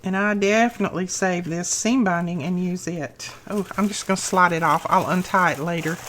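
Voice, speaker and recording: A middle-aged woman hosting a crafting channel, gushing over happy mail she unboxes in a slow, lingering way. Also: lowish voice, fairly bright tone, a little hiss or hum. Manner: gushing, effusive.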